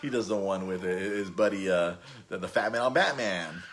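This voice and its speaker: A man's voice: low-pitched, normal speed, noisy background. A man in his thirties hosting a podcast, telling stories in a rambling, laughing way with many restarts. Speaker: podcast host. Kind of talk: casual storytelling chat.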